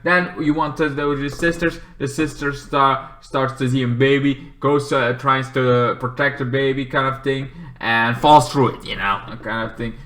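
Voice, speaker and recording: Male movie reviewer, casual and rambling, bright voice, echoey room. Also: steady tone, measured pace, few pauses. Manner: rambling, swears, acts out characters in shrill yells.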